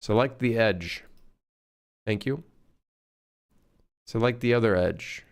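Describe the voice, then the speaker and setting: A man streaming his game development, muttering and swearing at the software as he works. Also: lowish voice, takes it slowly. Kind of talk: casual live-stream commentary while working.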